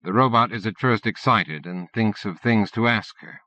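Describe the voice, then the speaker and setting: Low-voiced male audiobook narrator. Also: normal speed, bright, forceful tone, no room sound. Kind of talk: scripted narration. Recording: dull dry cassette-era audiobook recording.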